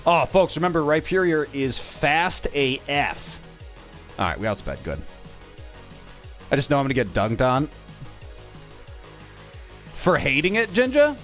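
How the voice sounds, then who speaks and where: A man's voice: fairly high pitch, wildly swooping pitch, a little slow, pauses often, a bit bright. A man streaming a game, chatting casually with viewers in playful, teasing, mock-insulting banter, with music playing behind him.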